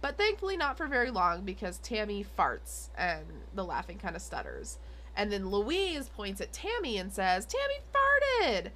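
A woman's voice: medium pitch, huge pitch swings, normal speed, fairly bright tone, slight background noise. A young adult woman co-hosting a podcast, recapping an episode in casual chat with lots of fillers and giggles. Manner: rambling with many fillers and giggles. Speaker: podcast co-host.

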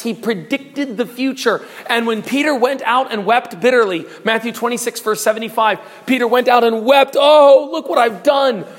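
A man in his forties preaching a sermon, fervent and rising to impassioned pleas. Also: sits high. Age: 40s. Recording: echoey hall reverb.

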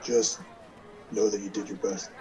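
A man speaking in character at a tabletop game, calm and giving dry advice. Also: fairly low pitch, moderate pace, soft background music, rough recording. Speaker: player.

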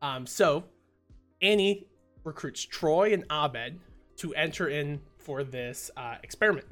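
A man hosting a casual podcast, retelling a sitcom episode with lively acted-out quotes. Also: fairly high pitch, a little slow, soft background music. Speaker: podcast host.

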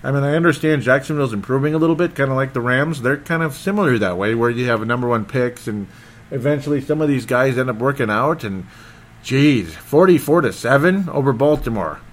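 A man hosting a casual solo football recap, rambling and excitable and often losing his train of thought. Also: medium pitch, a little fast. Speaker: sports podcast host.

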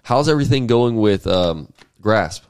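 A man's voice: lowish voice, animated, unhurried, darkish tone, smooth, dry recording. A man hosting a podcast, interviewing a guest in a casual, slangy, eager way. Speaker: podcast host.

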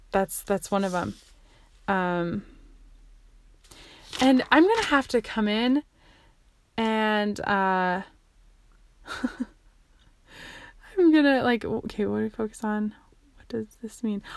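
A woman talking casually in her own vlog, rambling and excitable, often breaking off mid-sentence and restarting. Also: medium pitch, slight background noise. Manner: rambling and excitable, many fillers, self-interrupting. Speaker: vlogger sharing what she learns. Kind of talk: casual self-recorded monologue.

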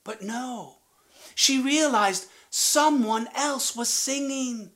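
A woman hosting a storytelling show, narrating an old folktale gently and inviting listeners to sing along. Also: sits high, slow pace. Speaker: storyteller and podcast host. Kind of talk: slow spoken folktale narration.

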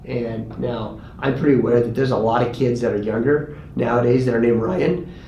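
A pastor telling a story in a conversational way, earnest, and lively when he quotes people. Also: medium pitch, moderate pace, dull audio. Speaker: pastor and grief guest. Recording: roomy with faint ambient noise.

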